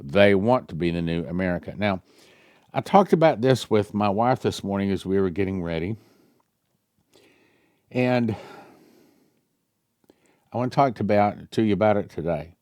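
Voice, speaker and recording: Male pastor, sermon, lively swooping pitch, dry close sound, fairly low voice. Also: normal speed, no echo. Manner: animated, rising loud when reading quotes, musing asides. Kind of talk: sermon with read-aloud prophecy and commentary.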